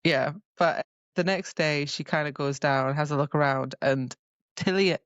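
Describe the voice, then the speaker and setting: A woman's voice: low-pitched, unhurried, dry recording, highs cut off. A woman co-hosting a podcast, chatty and retelling scenes from a book in a casual, playful way. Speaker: podcast co-host.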